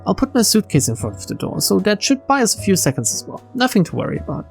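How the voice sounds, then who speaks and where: An aloof young male detective from a mystery game, as a woman puts him on, dropping her voice low and flat. He sounds dry and dismissive, with a gravelly fry at the ends of his lines. Soft music sits behind him. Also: fast talker. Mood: explaining.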